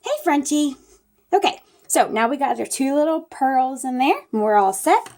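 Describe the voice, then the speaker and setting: A middle-aged woman walks viewers through a paper craft at her table. She talks in a chatty, folksy way, and her voice sounds soft and mellow. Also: high-pitched, animated, moderate pace. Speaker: craft demonstrator. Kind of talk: casual crafting tutorial.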